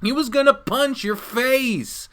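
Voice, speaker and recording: A man voicing a panicky young male protagonist whose voice cracks high and exasperated. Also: takes it slowly, bright, forceful tone, full character voice. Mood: frantic. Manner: shrill, exasperated.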